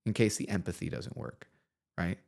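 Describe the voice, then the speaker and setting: A man's voice: sits low, moderate pace, vocal fry. A man, a therapist guest, giving advice in a casual conversation and explaining ideas step by step in an encouraging way. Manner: explains in steps, animated and encouraging.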